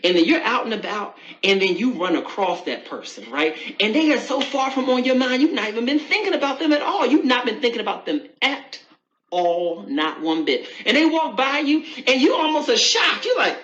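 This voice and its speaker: A woman's voice: high voice, expressive, brisk, a bit bright. A woman hosting an advice talk for viewers, speaking emphatically, repeating key phrases and calling the listener baby. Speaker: advice show host. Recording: echoey room, slightly dull sound.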